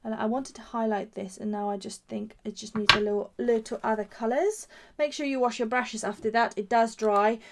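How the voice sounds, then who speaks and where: A woman with a slightly high voice walks viewers through a craft technique step by step, thinking aloud as she goes. She keeps admiring each result, warmly enthusiastic and chatty. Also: fairly even intonation, moderate pace, hardly any pauses, a little hiss or hum. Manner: gushing, admiring her own work. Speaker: craft shop founder and demonstrator. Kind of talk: live craft demonstration.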